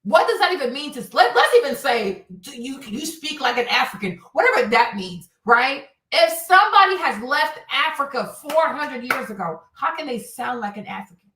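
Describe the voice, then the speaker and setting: A woman's voice: high voice, big pitch swings, normal speed, pushed and bright, recorded from a distance. A woman hosting a livestream, ranting bluntly with profanity and mocking quoted asides. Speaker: streamer host. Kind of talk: opinionated livestream rant. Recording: echoey room, voice a bit off-mic.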